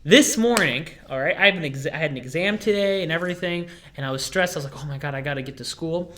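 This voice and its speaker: A man's voice: a little high, fast talker, bright, forceful tone. A young man hosting a podcast, telling rambling, jokey stories in casual chat with lots of fillers. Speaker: podcast host.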